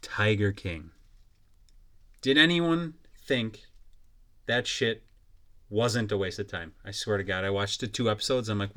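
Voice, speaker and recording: A man's voice: on the low side, animated, a little slow, fairly bright tone. A young man hosting a podcast, ranting in a blunt, profane and mocking way. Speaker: podcast host. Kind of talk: casual solo podcast rant.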